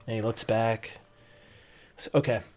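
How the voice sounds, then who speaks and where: Man, game master, low pitch, hesitant, tabletop narration. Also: steady tone, measured pace. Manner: hesitant, many restarts and ums.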